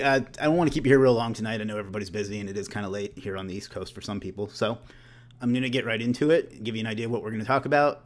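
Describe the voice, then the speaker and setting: A man in his late thirties hosting a casual webinar, talking loosely with joking, self-deprecating asides. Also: on the low side. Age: late 30s. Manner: loose and conversational, with restarts. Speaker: webinar host.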